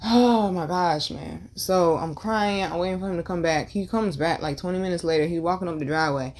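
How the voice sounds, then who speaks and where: A woman's voice: fairly low pitch, a little fast, a little mellow. A young woman vlogger telling a painful personal story candidly, with slang and swearing, and repeating lines for emphasis. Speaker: tarot and numerology vlogger.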